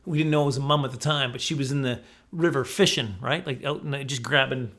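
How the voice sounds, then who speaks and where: A man's voice: medium pitch, fast, fairly bright tone. A man in his forties telling a rambling, self-correcting story to camera, laughing often. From Canada. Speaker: comedian vlogger.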